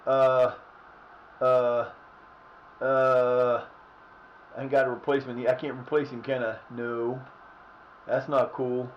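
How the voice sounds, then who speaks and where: A man streaming a football management game live, cursing and shouting at his players. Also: medium pitch, slow, long pauses, muffled recording, a little hiss or hum. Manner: animated, swears, yells at the game. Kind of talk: live gameplay commentary.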